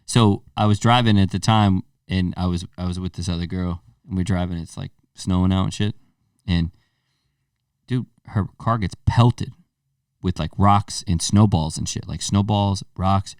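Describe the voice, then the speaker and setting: Young male podcast co-host, lively storyteller, dry room, a bit off-mic. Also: lowish voice, normal speed, dry recording, recorded from a distance. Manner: animated, swearing, acts out quoted lines. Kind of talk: casual storytelling chat.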